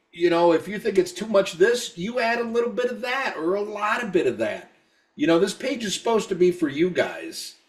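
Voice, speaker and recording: A drunk podcast co-host, a man with a fairly high voice, rants casually, swearing nonstop. He stammers, repeats words, and restarts sentences, and he sits a little far from the microphone.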